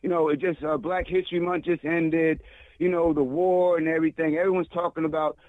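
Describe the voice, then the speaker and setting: A man's voice: fairly high pitch, level tone, dry recording, phone-quality sound, voice pushed down, natural voice. A man voicing an easygoing adult male friend who rambles and halts with lots of filler words. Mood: rambling. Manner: halting, filler-heavy, meandering.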